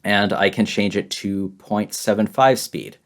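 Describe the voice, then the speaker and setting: A man with a fairly low voice runs a beginner English lesson over his screen. He repeats simple phrases patiently and laughs lightly now and then. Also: fairly even intonation, unhurried. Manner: simple words, heavy repetition, light laughs. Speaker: English teacher. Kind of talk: slow, repetitive beginner lesson.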